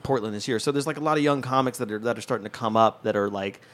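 A man from New Mexico, a guest comedian, chatting casually on a podcast and telling rambling, animated stories. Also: mid-range voice, very fast.

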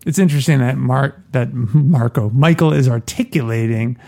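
A man's voice: mid-range voice, normal speed, creaky, dark tone. A man co-hosting a podcast in casual, playful chat, laughing often. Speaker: podcast co-host.

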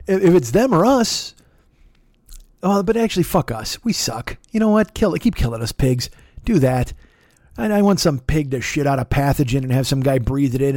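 A man's voice: medium pitch, a little mellow, no echo, studio quality. A man hosting a comedy podcast, ranting in a profane, sarcastic and rambling way. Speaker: podcast host.

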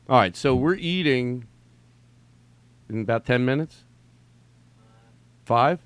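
A man of middle pitch rambles through a solo podcast from home, drifting between tangents and circling back to repeat himself. He swears freely and keeps the talk loose and casual. His voice sounds close and dry, with no room around it. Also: takes it slowly, long pauses, clean tone, no echo. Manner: digressive, profane, repeats himself. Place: at home during quarantine.

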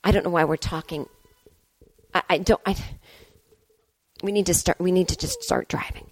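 A woman's voice: on the low side, steady tone, normal speed, voice pushed down, lightly acted. A woman doing a meek mumbling man. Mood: nervous. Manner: mumbling, hesitant, sheepish. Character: meek sheepish man, the doctor's fiance. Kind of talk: comedy sketch podcast.

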